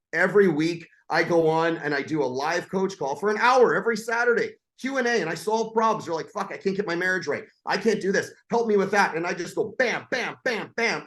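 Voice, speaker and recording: A man with a fairly high voice talks in a brash, swaggering way, dropping curses as he sells his coaching. He sounds like a confident salesman chatting on a podcast. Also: a bit bright. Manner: brash, swearing, fast-talking salesman. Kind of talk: casual podcast talk.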